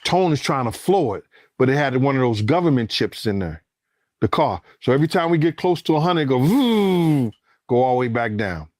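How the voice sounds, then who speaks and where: A man's voice: mid-range voice, a little fast, dry recording. A man telling a story in casual, profane speech, acting out the quoted voices and raising his voice as it gets tense. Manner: acts out quoted lines, cursing, rising to shouts when excited. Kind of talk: animated storytelling.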